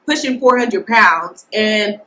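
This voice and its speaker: A woman hosting a casual podcast, telling a work story in a blunt, animated way and talking straight to her listeners. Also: mid-range voice, slow, a little hiss or hum, poor audio. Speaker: nurse podcast host. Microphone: podcast mic, filmed for video.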